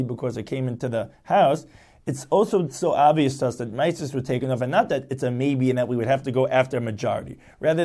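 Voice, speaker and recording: Guy teaching a text, warm kinda high voice, keeps rephrasing each point. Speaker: Talmud teacher. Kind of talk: lecture explaining a text.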